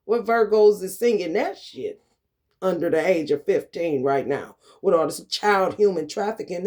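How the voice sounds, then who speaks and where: A man delivering an angry, confrontational ranting monologue to camera, full of swearing, swinging between loud outbursts and low muttering. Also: expressive, moderate pace. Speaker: vlogger.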